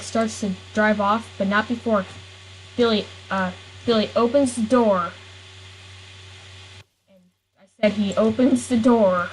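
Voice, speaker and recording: A woman's voice: mid-range voice, slight background noise, low-quality recording. Rambling, giggly woman telling a story. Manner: rambling, giggly, keeps interrupting herself. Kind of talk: improvised silly story narration.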